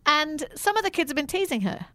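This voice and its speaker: Female radio co-host, animated storyteller, bright-leaning voice, dry studio sound. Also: high-pitched, a little fast, no room sound. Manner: chatty, laughing, animated storytelling. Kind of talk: casual radio chat.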